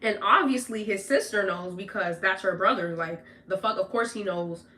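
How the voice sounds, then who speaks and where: A young woman tells a story to her viewers in a casual, animated way, swearing freely and tossing in "whatever" and "right?" as she goes. Her voice is bright and sits at a middle pitch. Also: normal speed. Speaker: streamer telling a personal story.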